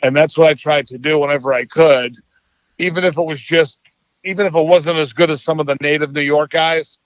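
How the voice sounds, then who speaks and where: A man's voice: fairly high pitch, brisk, no room sound. Easygoing Boston-accented man, dry sound. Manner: easygoing, relaxed storytelling with soft laughs. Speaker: guest actor. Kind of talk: casual interview chat. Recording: slightly dull, dry podcast audio.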